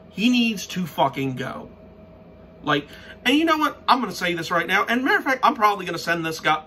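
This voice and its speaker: A man's voice: on the high side, sharp tone, a little hiss or hum. A young man in a profane, frustrated sports-fan rant who swears constantly and restarts his sentences.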